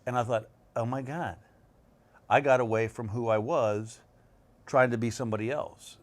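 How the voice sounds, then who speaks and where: A middle-aged male comedian chatting casually as a guest, telling rambling stories with a slow drawl and many restarts. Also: mid-range voice, fairly even intonation. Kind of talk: casual chat. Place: bedroom set.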